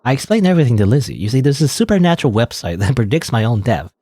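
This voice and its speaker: A man's voice: mid-range voice, sing-song, racing, dark tone, husky. A man reading a story game aloud dramatically, with joking asides and laughs at his own slips. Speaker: let's play host.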